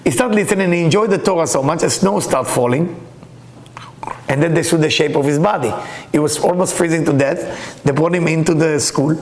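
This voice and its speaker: A man teaching a Kabbalah class, reading Hebrew texts aloud and explaining them with lively stories. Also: on the high side, a little fast. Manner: animated, reads Hebrew text aloud and explains it. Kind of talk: lecture with storytelling. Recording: echoey room.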